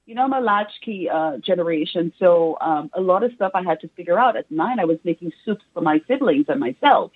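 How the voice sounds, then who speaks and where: A woman's voice: on the low side, lively intonation, brisk, hardly any pauses. A woman speaking as an interview guest over a remote call, talking reflectively and thinking aloud as she goes. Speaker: guest, doctoral researcher. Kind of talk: casual interview conversation. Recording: tinny phone-like remote call audio.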